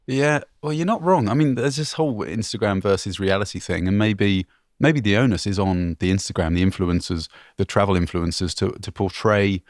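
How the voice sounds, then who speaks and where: A man's voice: lowish voice, moderate pace, dry recording, clean studio sound. A man co-hosting a travel podcast, reading out an article and asking his co-host questions. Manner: reads articles aloud and asks questions. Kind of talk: casual chat.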